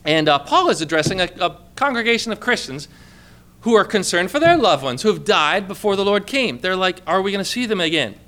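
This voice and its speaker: Bright, clear-voiced male pastor preaching. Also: sits high, very animated, brisk. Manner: conversational preaching with many rhetorical questions, asks for amens. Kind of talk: sermon. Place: church with a congregation.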